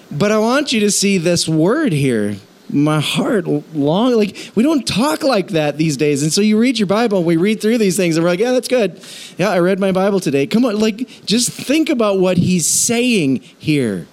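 Lively man preaching a casual sermon. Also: high voice, measured pace. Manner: lively, conversational, jokes with congregation. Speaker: pastor.

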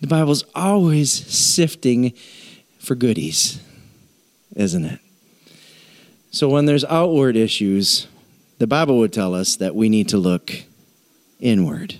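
A man's voice: medium pitch, animated, takes it slowly, long pauses. A man preaching a sermon in a humorous, conversational way and asking the congregation to answer back. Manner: humorous, conversational, self-deprecating; asks the congregation for responses. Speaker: pastor.

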